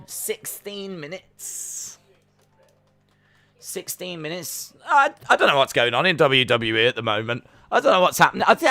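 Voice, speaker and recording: A man's voice: on the high side, sharp tone. A man chatting his way through a live watch-along. He talks in a jokey, rambling way. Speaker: streamer reacting to wrestling.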